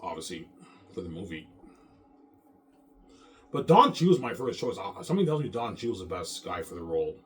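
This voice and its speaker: Fast, animated man rambling. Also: deep voice, recorded from a distance, slight background noise. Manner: animated, fast, repetitive storytelling. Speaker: vlogger. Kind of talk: rambling casual monologue.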